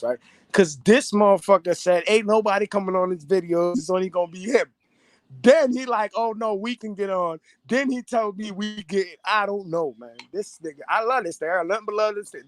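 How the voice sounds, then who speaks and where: A man's voice: high-pitched, no room sound. A young man talking casually and profanely to his viewers, streetwise and repeating himself. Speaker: vlogger.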